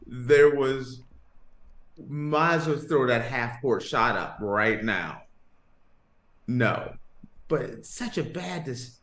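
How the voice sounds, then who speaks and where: A man hosting a comedic podcast, telling stories with lively, laughing delivery. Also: mid-range voice, slow, long pauses. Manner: animated storytelling, laughing often. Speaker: podcast host. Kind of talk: comedic sports podcast banter. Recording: echoey room with faint noise.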